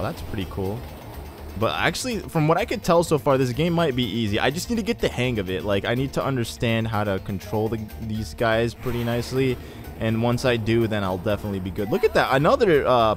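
Young male let's-play host, mid-pitched, rambling chatter, yelps when excited, faint game music behind. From Egyptian heritage. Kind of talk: casual gameplay commentary.

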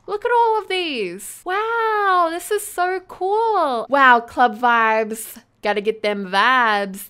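Woman, high voice, unhurried, excitable and giggly, gameplay commentary, faint music underneath. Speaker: let's play host.

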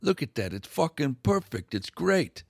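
A man's voice: fairly high pitch, sing-song, normal speed, creaky, dry recording, studio quality, voice pushed up, heavily acted. A man voicing a resentful male townsman who gripes in sour, profane complaints.

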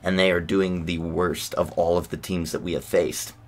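A man giving excitable, sarcastic commentary over a basketball video game, yelping at big plays. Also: low voice, moderate pace. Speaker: gaming channel host. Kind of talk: gameplay commentary.

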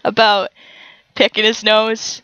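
A woman's voice: mid-range voice, monotone, takes it slowly, pushed and bright, clear, resonant tone, muffled recording. A young woman commentating a video game, teasing characters and laughing often. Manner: giggly, teasing, breaks into laughter. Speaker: gaming YouTuber. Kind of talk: let's play commentary.

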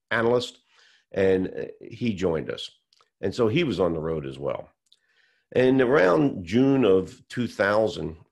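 A man with a deep, gravelly voice tells his story in an interview. He acts out the conversations he quotes as he goes. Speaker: whistleblower telling his story.

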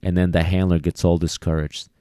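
Teaching dog training in a solo podcast lesson, a man speaks casually, repeats words, and acts out quoted dialogue. His deep voice is mellow and smooth with little pitch movement, a little fast, recorded at studio quality with no room sound.

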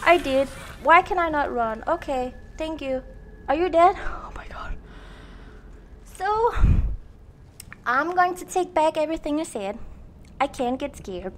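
A woman's voice: high-pitched, animated, a little slow, fairly bright tone, a little hiss or hum. A young woman casually commenting on a horror video game she is playing, chatty and self-mocking, laughing often. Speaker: gaming channel host. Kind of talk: casual let's-play commentary.

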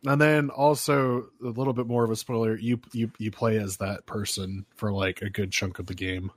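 A man co-hosts a casual gaming podcast and talks in halting bursts, stopping on fillers and starting his sentences over. His voice sits at an ordinary pitch and sounds close and dry, with no room around it. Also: steady tone, no echo. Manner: halting, many fillers and restarts. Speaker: podcast co-host. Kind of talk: casual chat.

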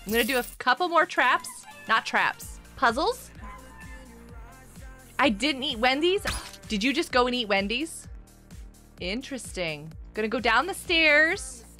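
A woman hosting a casual gameplay live stream. She chats with viewers, greets them by name and breaks into excited outbursts. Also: high voice, measured pace, long pauses, faint music behind.

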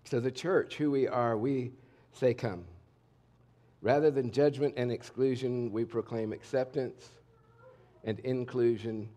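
Middle-aged male pastor, mid-pitched voice, conversational sermon delivery, candid and emphatic. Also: fairly even intonation, measured pace. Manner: conversational, candid preaching that swings between loud and hushed. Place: church sanctuary.

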